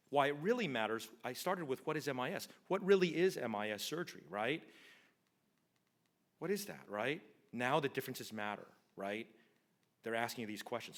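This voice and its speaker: A man's voice: medium pitch, a bit bright. A man, a spine surgeon, giving a conference lecture in a conversational way, telling stories and ending many sentences with "right?". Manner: conversational, tags nearly every point with "right?", acts out quoted dialogue. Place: lecture hall.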